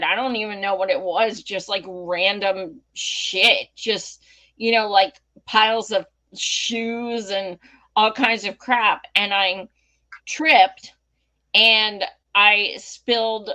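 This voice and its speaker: A woman co-hosting a podcast, telling profane, animated stories in casual chat and acting out what people said. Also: medium pitch. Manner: profane, animated anecdotes with acted-out quotes. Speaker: podcast co-host.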